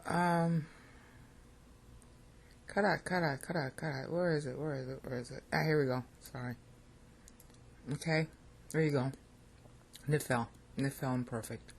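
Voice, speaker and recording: Husky American Bible teacher. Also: medium pitch, steady tone, measured pace, pauses often. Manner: thinking aloud, frequent "okay?" check-ins with listeners. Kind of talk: informal lecture on scripture.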